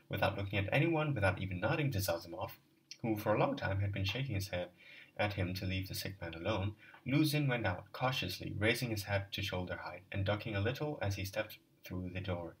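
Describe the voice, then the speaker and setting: A man narrates a novel in a low voice with steady, plain delivery. The voice sits a little back from the mic, as from a home recording. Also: distant mic, low-quality recording. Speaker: audiobook reader.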